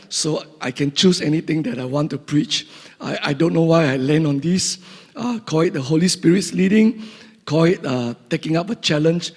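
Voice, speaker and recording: A male pastor preaching a sermon, reading scripture slowly and deliberately and explaining it with frequent fillers. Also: on the high side, darkish tone, slightly rough. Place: church sanctuary. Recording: long church hall reverb.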